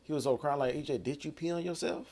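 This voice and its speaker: A man's voice: fairly high pitch, fast talker, crowd noise. A man hosting a podcast, chatting casually and recounting a conversation. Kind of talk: casual chat.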